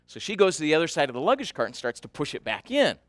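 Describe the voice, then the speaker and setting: A man giving a keynote talk, telling a story in an animated way and asking the audience questions. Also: on the high side, quick pace, dry recording. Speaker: keynote speaker.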